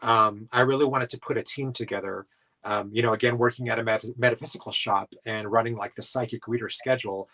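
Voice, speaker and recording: A man's voice: medium pitch, fairly even intonation, fast talker, bright, forceful tone, poor audio. A man from South Dakota, a paranormal investigator being interviewed, talking in a rambling casual way with lots of filler words.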